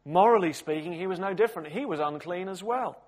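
Male preacher, slightly higher voice, expressive storyteller with dramatic loud and soft swings. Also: fairly quick. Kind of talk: sermon.

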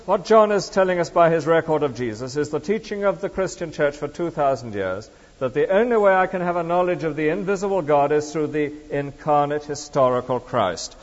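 Lively, emphatic male preacher in a hall. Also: fairly high pitch, brisk. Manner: emphatic, rhetorical questions to the congregation. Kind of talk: sermon. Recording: dull lo-fi recording with long reverb.

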